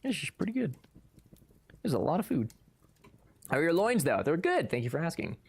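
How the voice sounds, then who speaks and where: A man's voice: on the high side, very animated, a little fast, vocal fry, husky. A man streaming live, chatting casually and answering his chat with sarcastic, joking banter.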